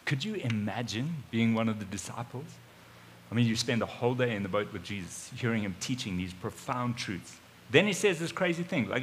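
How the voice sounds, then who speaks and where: A South African man preaching a lively first-person sermon, retelling the story in a chatty way and often repeating his opening words. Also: mid-range voice, fairly quick, in a large hall. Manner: animated, conversational, repeats his starting words. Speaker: pastor.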